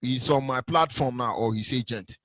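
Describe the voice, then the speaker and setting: A man's voice: medium pitch, normal speed, a bit bright, no echo. A Nigerian man giving an impassioned political monologue, preachy, repeating rhetorical questions and sometimes singing his lines. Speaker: activist broadcaster.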